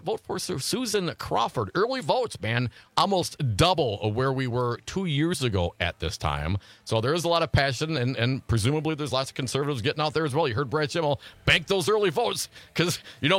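Animated, bright-voiced male radio host. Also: fairly high pitch. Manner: animated, incredulous, laughing often. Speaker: radio talk show host. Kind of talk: talk radio discussion.

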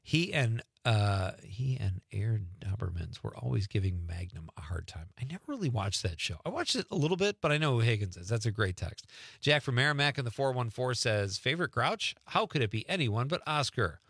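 A man's voice: brisk, vocal fry, breathy edge, no echo, studio quality. A middle-aged man hosting a casual call-in radio show, reading listener texts with playful asides and chuckles. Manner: animated, chuckling, swings between playful asides and low murmurs. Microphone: studio radio mic.

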